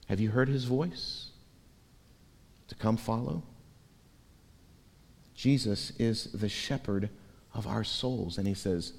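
A pastor preaching a sermon, animated and shifting between soft and loud delivery. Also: male voice, lowish voice, measured pace, creaky, pauses often. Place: church sanctuary. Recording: reverberant church hall.

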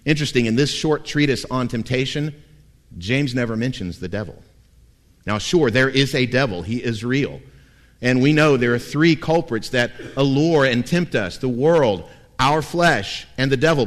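A man delivering a sermon as a pastor, his voice sitting at an ordinary middle pitch. He preaches with lively animation and a wry, humorous edge.

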